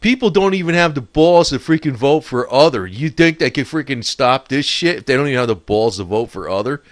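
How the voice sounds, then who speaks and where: A man's voice: medium pitch, lively intonation, brisk, dry recording. Brief: man, rambling profane monologue, dry close sound, scornful laughs. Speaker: political commentator.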